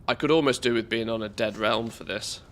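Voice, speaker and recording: A man's voice: on the low side, fairly quick, a bit bright. Congested man with a cold, game streamer, loose rambling live chat, faint background noise. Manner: rambling, many fillers and restarts.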